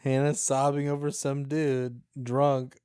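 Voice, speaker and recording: A man's voice: mid-range voice, level tone, slow pace, darkish tone, clear, resonant tone, no room sound. A man hosting a podcast in casual chat, dropping dry teasing jokes at his guest. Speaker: podcast host.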